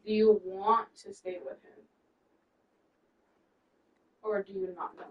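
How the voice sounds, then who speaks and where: A woman's voice: mid-range voice, flat delivery, slow pace, recorded from a distance, lo-fi sound. A woman friend at home on a livestream, chiming in with short remarks and blunt questions. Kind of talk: casual chat. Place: at home, shared apartment.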